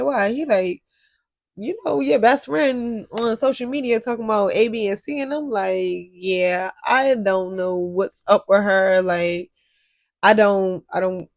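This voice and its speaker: A young woman telling a story to her viewers in a casual vlog, animated and swearing freely. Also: mid-range voice, dry recording. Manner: animated, profane, talks straight to viewers. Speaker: storyteller vlogger.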